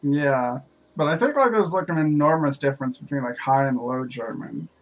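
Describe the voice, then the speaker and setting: Guy mid-pitch, gaming commentator type, rambly and chatty while he plays. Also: lively intonation, moderate pace, low-quality recording. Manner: chatty, rambling, many "like" fillers. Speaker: co-op game player. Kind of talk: casual chat while gaming.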